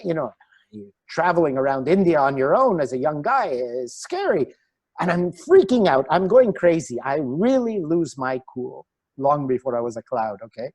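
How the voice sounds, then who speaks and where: A middle-aged man, a relationship coach, giving a webinar talk over a video call and telling animated anecdotes. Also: fairly high pitch, normal speed. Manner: animated storyteller, chuckles at himself.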